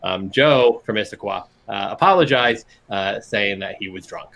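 A man's voice: lowish voice, animated, normal speed, a bit bright. Wry man reading news with jokes. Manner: wry, reads news items with jokey asides. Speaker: podcast co-host. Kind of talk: casual news-commentary chat.

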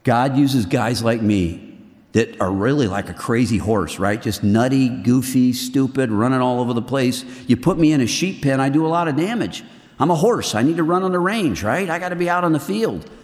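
A middle-aged man preaching to a group of men in a lively, earnest way, swinging between loud and hushed. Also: medium pitch, normal speed, big-room sound. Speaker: men's ministry speaker. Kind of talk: sermon.

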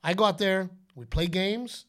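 A man with a notably high speaking voice tells stories in a casual podcast chat. He is animated and expressive, quick to break into playful shouted voices as he talks. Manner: animated storyteller, slips into playful announcer shouts. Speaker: podcast co-host; father.

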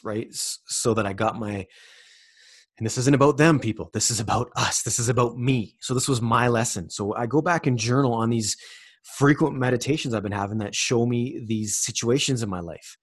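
A man giving a spiritual self-help monologue, loose and rambling, swearing for emphasis and asking the listener question after question. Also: medium pitch. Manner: emphatic and profane, with repeated rhetorical questions. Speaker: vlogger.

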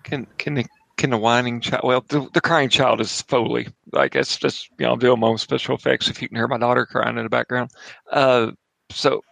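A man narrates a tabletop horror game as its game master, his voice gravelly with a rough fry. He talks casually and in halting bursts, restarting sentences and adding asides. The sound is close and dry. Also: medium pitch, little pitch movement, a bit bright, dry recording, low-quality recording. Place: home.

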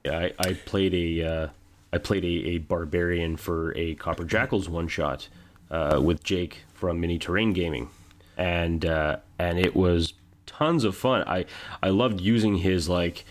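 A man's voice: deep voice, unhurried. A man in a casual podcast chat, meandering and leaning heavily on fillers. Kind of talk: casual chat about accents in games.

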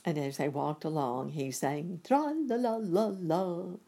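A woman reading a children's storybook aloud, gentle and unhurried. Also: low-pitched, animated, gravelly, husky. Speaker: reader. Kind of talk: storybook narration.

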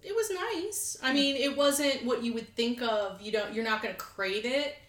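A woman's voice: a little high, normal speed, fairly bright tone. A young woman co-hosting a podcast in casual chat, rambling and self-deprecating, laughing often. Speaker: podcast co-host. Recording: echoey room.

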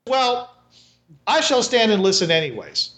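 A man voicing a bold, sharp-tongued peasant woman who speaks with sarcasm and old-fashioned phrasing. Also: sits high, big pitch swings, measured pace, heavily acted. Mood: challenging.

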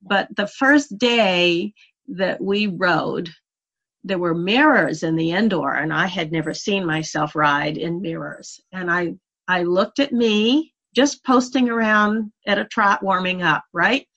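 A woman's voice: lowish voice, takes it slowly, a bit bright, dull audio. Earnest woman telling a story. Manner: earnest, reflective, laughs at own pain. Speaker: guest. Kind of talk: conversational storytelling.

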